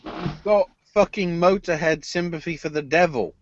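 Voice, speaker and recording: A man hosting a casual wrestling podcast, swearing freely and bursting into loud mock cries. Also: on the high side, normal speed, no echo. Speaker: podcast host. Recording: dull dry lo-fi sound.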